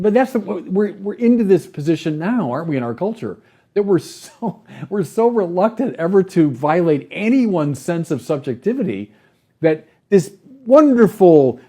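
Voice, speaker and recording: A man's voice: fairly high pitch, mellow. An older man, a bishop, talking animatedly and emphatically in a podcast conversation, acting out imagined voices in mock quotes.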